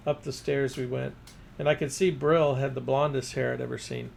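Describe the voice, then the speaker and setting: A man's voice: medium pitch, flat delivery, moderate pace, vocal fry, slight background noise. A man reading his first-person fiction aloud as narrator.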